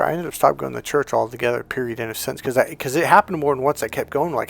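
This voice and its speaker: A man's voice: mid-range voice, expressive, fast, gravelly, a bit bright. A man telling a personal story as a dating coach, in a blunt, profane, emphatic way. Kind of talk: casual storytelling monologue.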